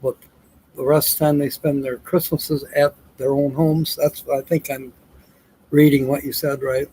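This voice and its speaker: A man's voice: mid-range voice, flat delivery, normal speed, warm tone, husky, poor audio. A tired man hosting a casual livestream, telling jokes and reading viewer comments aloud with frequent chuckles. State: tired, yawning. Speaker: livestream host.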